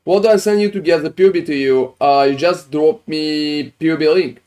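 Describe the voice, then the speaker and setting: A brisk man on the high side of the pitch range, with a slightly mellow sound. He streams a game and casually chats with viewers about their builds, swearing frequently and using non-native phrasing.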